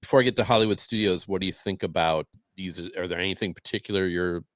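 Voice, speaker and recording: A middle-aged man co-hosting a podcast, talking in a relaxed, rambling way with small chuckles. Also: low voice, fast, no echo, clean studio sound. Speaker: podcast co-host. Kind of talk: casual chat.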